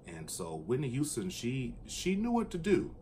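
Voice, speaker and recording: A man chatting casually and enthusiastically about his record collection, at times singing along in a high falsetto. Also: wildly swooping pitch, normal speed, darkish tone, slight background noise. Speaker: vinyl collector vlogger. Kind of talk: casual chat.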